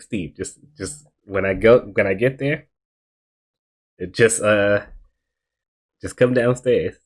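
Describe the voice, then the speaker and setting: Low-voiced young man telling a story. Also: breathy edge. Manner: laid-back, slangy, laughs often. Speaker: podcast host. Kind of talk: casual storytelling.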